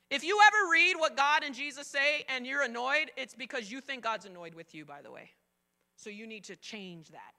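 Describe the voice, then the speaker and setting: Middle-aged woman pastor preaching, high bright voice, acts out all the quotes. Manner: lively storytelling, acts out quotes, varies loud and soft. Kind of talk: sermon.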